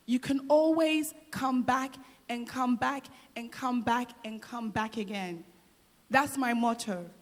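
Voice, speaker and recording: High-voiced woman in a reverberant hall. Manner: encouraging, repeats phrases for emphasis. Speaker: guest speaker. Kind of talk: motivational speech.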